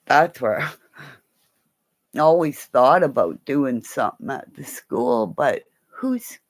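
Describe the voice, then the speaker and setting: A woman's voice: very deep voice, animated, slow, no echo. A woman chatting on a livestream, rambling from one thought to the next, laughing often and swearing now and then. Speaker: livestream host. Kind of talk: casual livestream chat.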